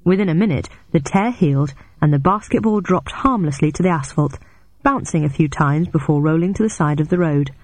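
A woman narrating a novel in the first person, in a measured storytelling way. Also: no echo. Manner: measured storytelling, raises pitch sharply for shouted dialogue. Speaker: audiobook narrator.

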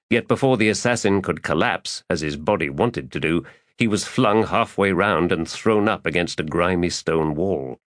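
A man reading a fantasy audiobook in a measured, dramatic storytelling manner. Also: deep voice, dry recording, clean studio sound. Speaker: audiobook narrator. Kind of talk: scripted narration.

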